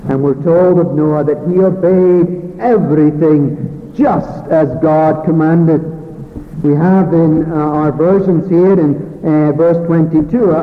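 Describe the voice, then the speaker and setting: A man preaching a sermon in an earnest way, pausing often with fillers and restarts. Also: a little high, fairly even intonation. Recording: phone-like thin sound with long hall reverb.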